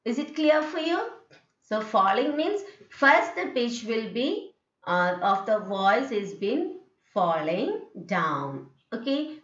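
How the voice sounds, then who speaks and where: Woman, Indian English accent, lecture on intonation, bright voice, echoey room with dull lo-fi sound. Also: fairly high pitch. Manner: patient, repeats each point with "okay". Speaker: English teacher. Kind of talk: recorded university lecture on intonation.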